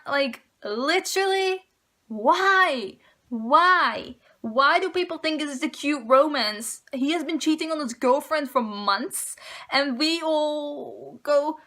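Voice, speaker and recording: A woman's voice: sits high, sharp tone. A young woman giving a casual, exasperated book review rant as a vlogger, with dramatic sighs and groans.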